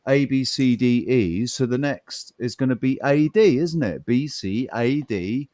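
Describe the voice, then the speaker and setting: A man's voice: medium pitch, a little slow, mellow, dry recording, clean studio sound. A man co-hosting a podcast in casual chat, rambling, repeating words and swearing freely. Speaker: podcast co-host.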